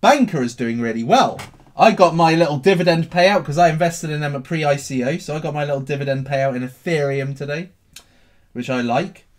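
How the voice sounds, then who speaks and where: A man hosting a casual livestream about crypto, answering viewer questions in a cheeky, animated way. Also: on the high side, a little fast. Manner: animated and cheeky, swinging between loud bursts and mutters.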